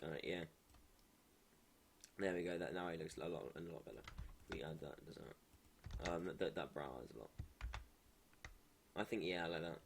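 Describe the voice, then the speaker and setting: A man's voice: sits low, a little hiss or hum. A man streaming live as a game developer, thinking aloud in a hesitant, muttering way and correcting himself as he draws pixel art at his computer.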